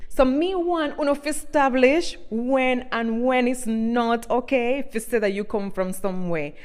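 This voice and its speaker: A woman's voice: on the high side, a little slow, clean tone. A woman in her forties from Cuba, with a Spanish-speaking background, talking animatedly to camera in English mixed with Jamaican patois and a rolled R. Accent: Cuban Spanish mixed with Jamaican patois. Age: 40s. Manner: animated, emphatic, switches between patois and English. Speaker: social media creator. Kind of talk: casual vlog to camera.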